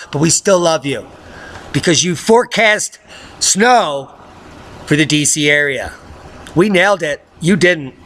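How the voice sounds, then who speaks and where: A man's voice: high voice, fairly bright tone. A man hosting a weather channel, giving sarcastic, combative commentary on news stories.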